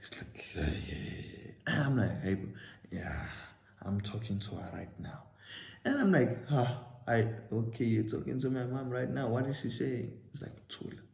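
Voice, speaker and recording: Young south african dude telling a story, acts out both sides, kinda gravelly voice, echoey room. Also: male voice, medium pitch, measured pace. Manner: animated storytelling, acting out both sides of a conversation. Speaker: vlogger. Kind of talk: casual storytime.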